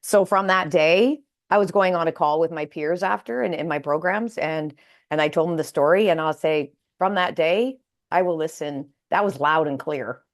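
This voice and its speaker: Speaking low and at a moderate pace, a woman from Canada relates a personal story as a guest in a relaxed podcast interview. Her delivery is full of restarts, hesitant fillers and acted-out quotes.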